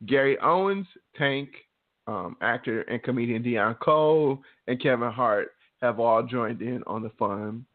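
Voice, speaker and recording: A man banters on a podcast in a loose, profane, animated way. His voice sits in a mid range. The line sounds thin and tinny, like a phone call. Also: medium pitch, measured pace. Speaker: podcast co-host. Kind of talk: casual chat.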